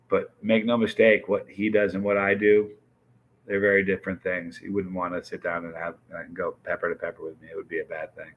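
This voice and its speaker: A man's voice: deep voice, breathy edge, phone-quality sound. A man hosting a live stream, chatting casually and greeting viewers by name as he reads their comments. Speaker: livestream host.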